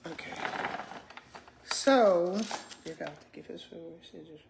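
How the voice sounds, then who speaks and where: Eating on a live stream, a retired school principal who now vlogs talks with her viewers in a fairly low, gravelly and expressive voice at a slow pace. This older woman is chatty, speaks with her mouth full and says "y'all," heard in an echoey room with background noise.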